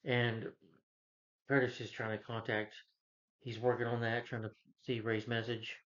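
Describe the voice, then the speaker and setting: Recapping a TV season for his video, the man speaks unhurriedly in a medium, level, fairly bright voice. He meanders through scenes, retelling dialogue with plenty of "you know" and "he's like," and the lo-fi recording is a bit dull.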